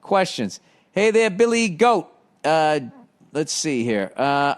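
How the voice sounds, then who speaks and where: Man, podcast host, blunt profane rant, reading listener mail, fairly high voice, laughs a lot. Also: sing-song, slow. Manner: blunt, swearing, jokey, often laughing.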